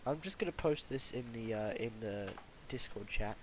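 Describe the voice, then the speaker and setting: A young man hosts a loose podcast chat, rambling through his points and laughing often. His pitch sits in the middle range. A faint hiss runs under the recording. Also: lively intonation, moderate pace, rough recording. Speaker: podcast host. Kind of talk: casual chat.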